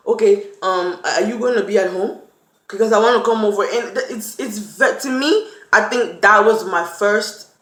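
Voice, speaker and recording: A woman's voice: mid-range voice, a bit bright. A young woman from Cameroon, talking earnestly to camera and acting out little quotes as she tells her story. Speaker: vlogger. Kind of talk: personal talk to camera. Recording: echoey room.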